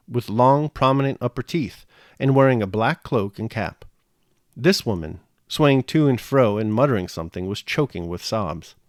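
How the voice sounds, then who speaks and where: Male novel reader, mid pitch, measured storytelling, dry close sound. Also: no room sound. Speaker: audiobook reader. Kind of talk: reading a classic novel aloud.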